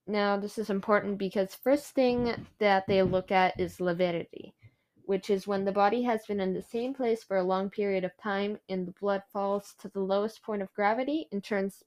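A woman's voice: mid-range voice, a little mellow. A woman hosting a true crime podcast, telling the case in a chatty way with frequent fillers. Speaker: podcast host.

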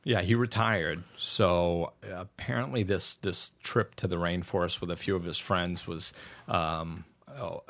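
A man's voice: deep voice, steady tone, a little slow, a bit bright. A man hosting a casual, reflective chat, telling stories with lots of restarts and false starts. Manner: rambling storyteller with frequent restarts.

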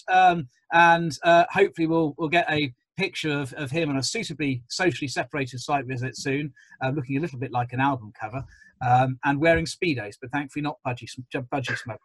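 A man's voice: on the high side, a bit bright, no room sound, low-quality recording. A man in his forties, hosting a webinar panel on a video call in a genial, chatty way with frequent ums. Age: 40s. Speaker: webinar host.

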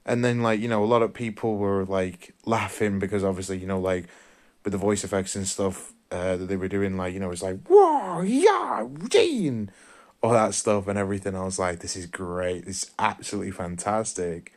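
A man's voice: low-pitched, little pitch movement, brisk. A man hosting a podcast, giving a casual, enthusiastic and rambling spoken film review. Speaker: podcast host.

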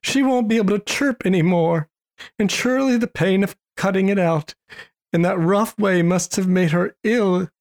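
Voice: mid-range voice, takes it slowly. A reader voicing a kind-hearted old man, lamenting in distress in a storybook reading.

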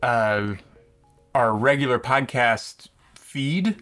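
A man's voice: mid-range voice, lively intonation, extremely slow, fairly bright tone, faint music behind. Rambling jokey man pastor. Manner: rambling, with many restarts and "uh" fillers, jokey. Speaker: pastor and podcast co-host. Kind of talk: casual chat. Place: his church office. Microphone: podcast mic on a small soundboard.

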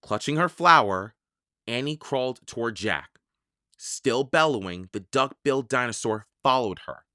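A storyteller slowly and expressively narrating a children's audiobook. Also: medium pitch, animated, sharp tone, no echo, clean studio sound. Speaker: audiobook reader.

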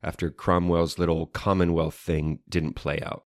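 A man's voice: low voice, little pitch movement, unhurried, no room sound. A man co-hosting a casual podcast with his wife, dry and playful, explaining history with wordy flourishes. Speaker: podcast co-host.

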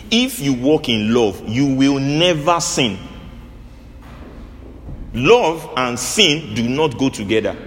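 A man preaching with a very lively, rising and falling pitch. He keeps asking his listeners questions and pausing for their replies. His voice rings with the long reverb of a church hall, and a faint ambience sits underneath. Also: slight background noise. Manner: animated call-and-response preaching. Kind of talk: sermon.

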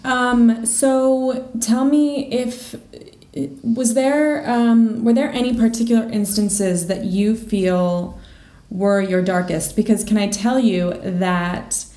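A woman's voice: on the high side, steady tone, slow pace, dark tone. A woman interviewer asking thoughtful questions and sharing her own experiences. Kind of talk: conversational interview. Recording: roomy echo.

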